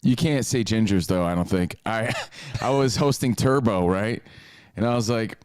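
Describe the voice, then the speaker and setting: A man's voice: fairly low pitch, normal speed, a little mellow, clean tone, no echo, clean studio sound. A man co-hosting a podcast in casual chat, joking crudely from a hotel. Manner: crude, jokey banter. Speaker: podcast co-host. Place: hotel in Las Vegas.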